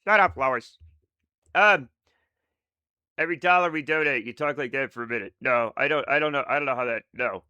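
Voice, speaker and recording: A man chatting live with his viewers, rambling in an excitable, self-mocking way. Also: medium pitch, a little fast, clean tone, dry recording, highs cut off. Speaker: streamer. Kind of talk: casual live-stream chat with viewers.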